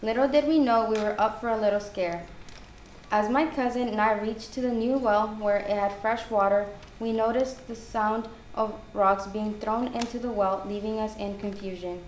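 A woman's voice: medium pitch, fairly even intonation, normal speed. A woman reading her own ghost story aloud, earnest and careful, correcting herself now and then. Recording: echoey room with faint background noise.

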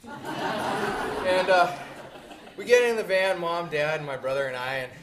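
A man in his fifties from Montana tells a personal story on stage, animated and swinging from bursts of energy to hushed low asides. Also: unhurried, some chatter behind.

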